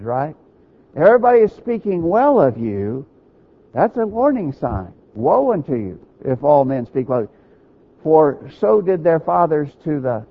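A man with a husky, slightly raised voice preaches a sermon in an earnest teaching tone. He quotes scripture and checks in with his listeners. The recording sounds dull and lo-fi. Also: on the high side. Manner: earnest teaching, quoting scripture, rhetorical "right?".

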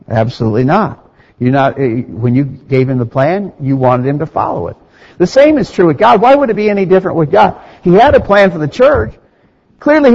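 A man preaching a sermon, asking rhetorical questions and reading scripture aloud with rising emphasis. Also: high voice. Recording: dull sound with long reverb in a hall.

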